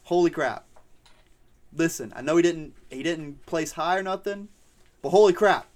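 A man's voice: fairly high pitch, normal speed. A young man co-hosting a casual sports podcast, jokey and hyped, repeating his exclamations. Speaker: podcast co-host. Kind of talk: casual chat.

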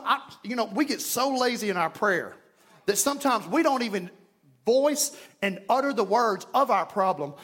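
A man preaching a fervent sermon as pastor in a church, sometimes shouting and acting out prayers. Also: sits high, expressive, normal speed. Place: church sanctuary.

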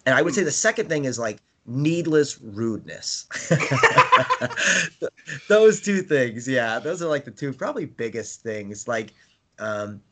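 A man's voice: medium pitch, lively intonation, moderate pace, slight background noise. A man in casual chat, rambling with many fillers and restarts and laughing often as he talks. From United States. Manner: laughs often while talking.

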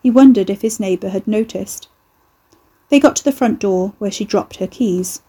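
Woman audiobook narrator, steady and even, mellow with a husky edge. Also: medium pitch, moderate pace. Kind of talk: scripted narration.

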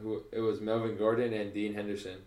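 A man's voice: lowish voice, flat delivery, brisk, roomy sound, over a noisy crowd. A man co-hosting a podcast in casual, slangy chat, calling his friends bro. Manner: slangy, laid-back, says bro a lot. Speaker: podcast co-host.

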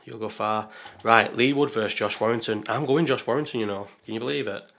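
A betting vlogger chats casually while placing bets, rambling and muttering to himself as he second-guesses his picks. His male voice is on the low side, gravelly yet fairly bright, and fairly quick.

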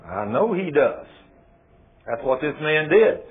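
A man preaching with a lively, swooping delivery, his pitch sitting a touch high. He keeps throwing rhetorical questions and acts out the dialogue of the story he retells. His slightly husky voice comes through a thin, phone-like radio broadcast. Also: takes it slowly. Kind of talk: sermon.

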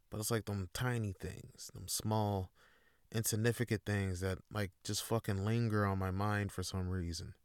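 A man with a lowish, clean-toned voice hosts a solo podcast, delivering a casual monologue. He's rambling and laid-back, swearing a lot, and the recording is dry and studio quality.

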